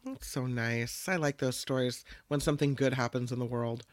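A man's voice: mid-range voice, moderate pace, no echo, studio quality. A man co-hosting a casual news show, reading stories aloud with playful asides. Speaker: co-host.

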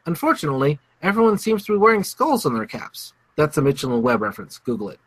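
A man's voice: on the high side, sing-song, fast, no room sound. A man co-hosting a casual film review podcast, summing up a plot in a wry, sarcastic way. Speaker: podcast co-host.

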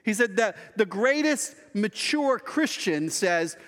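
A male pastor delivers a sermon in a high, light voice. He talks in an earnest, conversational way and often turns to the listeners with rhetorical questions. His words trail off into the long reverb of a large hall. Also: lively intonation, slow pace, few pauses, a bit bright.

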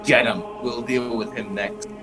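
A man's voice: medium pitch, steady tone, measured pace, natural voice. A man voicing a hooded armed man who gives curt, threatening orders. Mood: menacing. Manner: curt, clipped demands.

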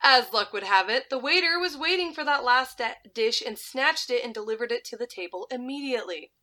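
A woman casually telling a story on a podcast, animated, laughing and swearing freely. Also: on the high side, brisk. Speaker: podcast co-host.

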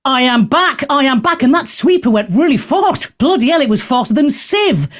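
A woman hosting a radio talk show, blunt and straight-talking, speaking in an opinionated, animated way from a studio. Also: high-pitched, moderate pace.

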